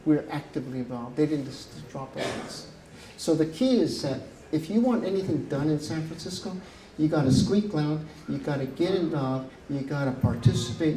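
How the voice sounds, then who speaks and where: An older man, an urban planner, telling animated stories at a conference. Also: a little high. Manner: animated, chatty storyteller. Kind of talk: storytelling presentation. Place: conference room. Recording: echoey room with faint noise.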